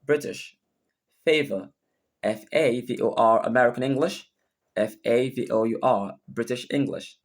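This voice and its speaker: A man teaching an English lesson and spelling words out letter by letter, with a deliberate delivery. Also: medium pitch. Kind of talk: recorded lesson.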